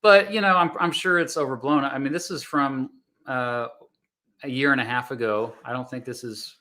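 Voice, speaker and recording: Here a history teacher, male and probably thirty to forty-nine, gives live reactions to videos, his reasoning spilling out with frequent fillers and restarts. The mood is laid-back and reassuring; his mid-range voice moves at a normal pace.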